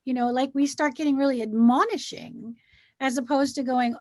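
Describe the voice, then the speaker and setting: Woman, casual chat, animated, acts out what she says to kids, slightly high pitch, dry. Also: normal speed, no echo.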